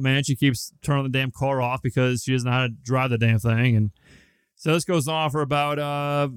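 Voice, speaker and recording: A man's voice: medium pitch, clear, resonant tone, no room sound. A young man co-hosting a podcast, telling a long, rambling, profane story in a casual, laid-back way. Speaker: podcast co-host.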